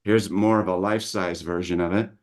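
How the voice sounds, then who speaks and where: A man's voice: sits low, steady tone, brisk. A middle-aged man, a dialect coach, patiently explaining his teaching methods in an interview.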